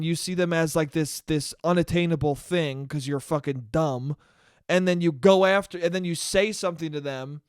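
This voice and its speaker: High-voiced man ranting on a podcast. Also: clean tone, dry recording, studio quality. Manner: heated, profane, emphatic. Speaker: podcast host. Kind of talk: solo podcast rant.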